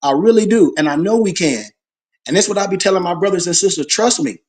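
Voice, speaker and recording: A man's voice: high-pitched, quick pace. A man leads a Sunday school class. He preaches emphatically and with animation, drawing call-and-response answers from his listeners.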